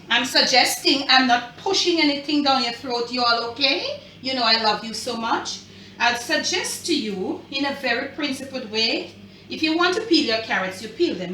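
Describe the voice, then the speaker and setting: A middle-aged Jamaican woman talks straight to her viewers in a casual cooking vlog, chatty and emphatic. Her voice sits fairly high and bright. She is recorded in a roomy, echoey home kitchen, a bit back from the mic. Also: far from the mic, a little hiss or hum. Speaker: cooking channel host.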